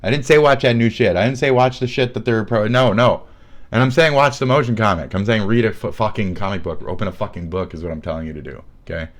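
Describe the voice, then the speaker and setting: Low-voiced man on a profane rant. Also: fast. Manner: profane, rambling and sneering. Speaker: livestreamer. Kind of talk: livestream rant.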